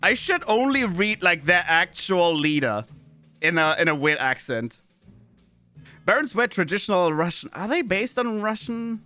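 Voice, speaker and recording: A man's voice: high voice, big pitch swings, unhurried, sharp tone, soft background music. A man, streaming a game in chatty commentary, often laughing and reading game text aloud. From Austria. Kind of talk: gameplay commentary.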